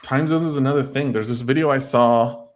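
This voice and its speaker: A man's voice: medium pitch, fairly quick. A man talking casually on a livestream. He rambles, filling his speech with "like" and "I don't know", and reads out and answers viewer comments.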